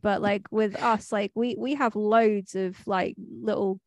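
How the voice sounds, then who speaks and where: Chatty woman from Manchester, gravelly. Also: mid-range voice, steady tone, unhurried, a little mellow, no echo, studio quality. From Manchester, England. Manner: chatty, rambling with many fillers and restarts. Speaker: podcast co-host. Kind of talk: casual chat.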